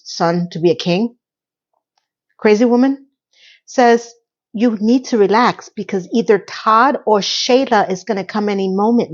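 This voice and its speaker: A woman's voice: medium pitch, muffled recording. A woman giving a casual, rambling recap of a TV episode with personal asides, acting out the characters' lines as she goes. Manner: chatty, acts out characters' lines in quotes. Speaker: TV series recap reviewer.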